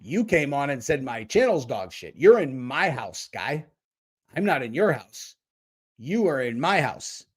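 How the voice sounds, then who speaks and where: A man's voice: medium pitch, very animated, unhurried, breathy edge. A man hosting a livestream, ranting and mocking chat commenters with a lot of swearing. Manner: profane, mocking, talks back to chat. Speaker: livestream host. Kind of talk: casual livestream rant.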